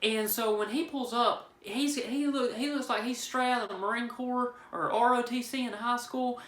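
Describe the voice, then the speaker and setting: A man's voice: very high voice, steady tone, moderate pace, a bit bright. Joking man telling a story. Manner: rambling, joking, with frequent restarts. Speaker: vlogger telling a personal story. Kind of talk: casual storytelling. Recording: roomy echo.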